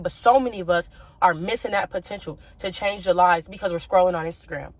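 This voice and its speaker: A woman's voice: fairly low pitch, fast talker, dry recording. Woman host, solo motivational podcast, impassioned and blunt, salty language, dry close sound. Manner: passionate and blunt, swearing freely; emotional, preachy urging of listeners.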